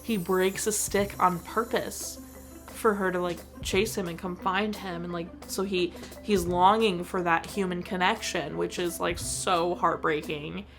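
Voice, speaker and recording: Gravelly-voiced woman gushing about a film. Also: on the low side, fairly even intonation, unhurried, faint music behind. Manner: gushing and emotional, many "like" fillers. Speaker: movie reviewer. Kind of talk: casual video review.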